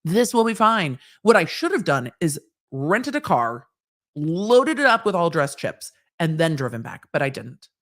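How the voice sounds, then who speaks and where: A woman from Southern California hosts a live stream and tells a personal story with lots of wry asides. Her pitch climbs and dips freely as she talks, and she drops the occasional swear word. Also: measured pace. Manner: animated, wry, swears casually. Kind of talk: casual anecdote storytelling.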